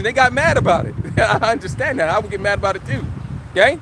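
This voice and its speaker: High-voiced preaching man, outdoors. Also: expressive, fast talker, background noise. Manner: emphatic, repetitive, slangy, explains verses line by line. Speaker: religious teacher. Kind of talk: live scripture teaching.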